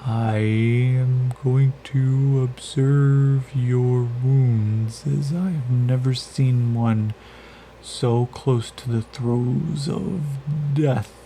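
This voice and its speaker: A soft, gentle spider-like creature, put on by a man speaks in a slow, measured, calm voice. The tone is mellow and low, and a faint hiss sits behind it.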